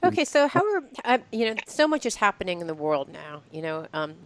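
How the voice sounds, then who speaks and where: A woman's voice: fairly low pitch, sing-song, a little fast. A woman hosting an interview, chatting in an amused, easygoing way and laughing often. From United States. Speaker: host. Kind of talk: casual interview chat.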